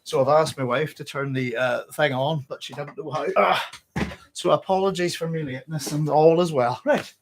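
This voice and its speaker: A man with a Northern Irish accent hosts a live book club stream, chatting casually and slightly out of breath. He apologizes a lot and keeps interrupting himself. His voice is on the high side at a moderate pace, over a noisy background.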